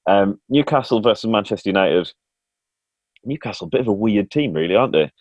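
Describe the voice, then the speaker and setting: A man's voice: lowish voice, animated, brisk, darkish tone, no echo. A man hosting a casual sports podcast, chatty and self-mocking, laughing often. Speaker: podcast host.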